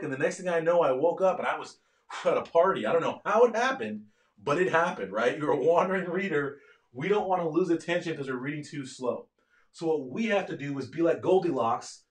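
A man giving a live online lecture from his office at home, energetic and often asking his listeners questions. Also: a little high, reverberant. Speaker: medical education lecturer.

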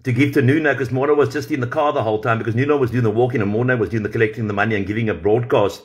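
A man's voice: medium pitch, steady tone, racing. A man on a livestream, confronting a rival directly with an angry, profane rant.

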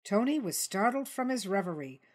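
A woman narrating a storybook in an even, measured read. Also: mid-range voice. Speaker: story reader.

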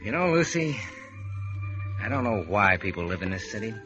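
An actor playing an eager, lovesick young sailor, earnest and pleading in 1930s radio drama style. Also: male voice, fairly low pitch, big pitch swings, moderate pace, over loud music. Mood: playful. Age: young adult. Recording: scratchy dull old radio transcription.

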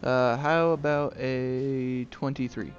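A man playing a tabletop game, upbeat and a little rushed. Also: medium pitch, fairly even intonation, lo-fi sound. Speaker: player.

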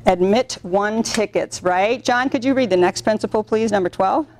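A middle-aged woman presenting a business training workshop to a room of contractors. She tells stories in an animated way and acts out what people said. Her voice sits at an ordinary, mid-range pitch. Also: moderate pace. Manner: animated storytelling with acted-out quotes. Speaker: workshop instructor.

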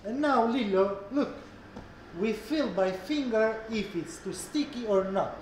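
Calm Italian chef, very echoey kitchen. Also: male voice, high voice, unhurried, noisy background. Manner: calm instructive, short encouraging words. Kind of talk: cooking demonstration.

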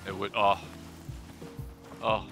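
A man's voice: lowish voice, flat delivery, takes it slowly, music in the background. Mock-grumpy gaming buddy, a man. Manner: dry, mock-grumpy banter. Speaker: co-player. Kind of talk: casual gameplay chat.

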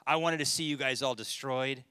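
A man's voice: mid-range voice, fairly even intonation, normal speed, sharp tone, clear, resonant tone, dry recording, natural voice. A man voicing a sulky, petulant prophet who whines and complains in exasperation, during a Bible teaching.

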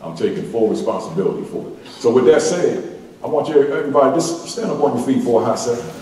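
A man's voice: mid-range voice, big pitch swings, fast, mellow, slight background noise. Man giving a fired-up speech in an echoey hall. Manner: emphatic and repetitive, leads call-and-response chants. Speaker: motivational speaker at a school staff opening meeting. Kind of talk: motivational keynote speech. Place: large hall or auditorium. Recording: echoey hall, mic far off.

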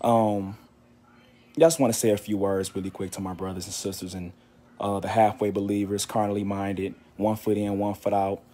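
Earnest man preaching, winded and mellow. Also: fairly low pitch, flat delivery, moderate pace. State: out of breath after walking. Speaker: faith channel host. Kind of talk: informal faith exhortation.

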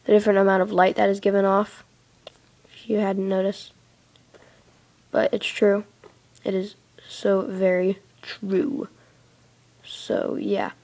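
Chatty woman with a gravelly edge. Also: medium pitch, slow, long pauses. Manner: rambling and chatty, with sudden excited squeals and giggles. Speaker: let's play host. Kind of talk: casual gameplay commentary. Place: dark room, sitting in a big armchair. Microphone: tablet microphone.

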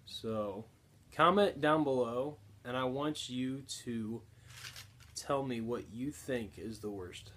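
A young man chats casually in a mid-range voice, teasing and pushing his partner on. His delivery is relaxed and playful. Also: mid-range voice, slow pace, slight background noise. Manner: teasing, goading. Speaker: vlogger, fiancé. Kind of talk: casual chat, jelly bean challenge.

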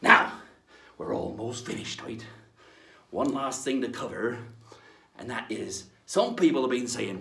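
Animated pirate-talking man with an echo. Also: medium pitch, measured pace, vocal fry, pauses often. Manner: theatrical pirate talk, hammy and animated. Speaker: children's show host in pirate persona. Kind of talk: playful pirate-themed kids' lesson.

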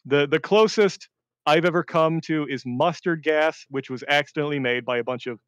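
A man, a veteran, telling war stories in a rambling casual chat, often laughing and swinging between deadpan and excited. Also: on the high side, normal speed, smooth, no room sound. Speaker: veteran storyteller.

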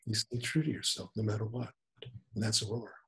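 A man in his seventies, a spiritual teacher talking in an unhurried, gentle storytelling manner. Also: lowish voice. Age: 70s. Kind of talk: spiritual conversation.

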